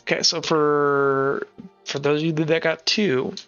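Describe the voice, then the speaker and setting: Casual male game master, bright, slightly high voice, dull lo-fi mic with faint music behind. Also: little pitch movement, a little slow, clear, resonant tone. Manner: casual, many filler words. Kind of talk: narrating a tabletop game.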